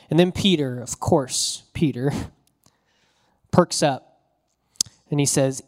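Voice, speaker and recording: A man preaching in a relaxed, conversational way, his voice sitting a little higher than most men's. He retells the story animatedly with casual slang, like talking to friends from the pulpit. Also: takes it slowly, pauses often. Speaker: pastor. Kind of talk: conversational sermon.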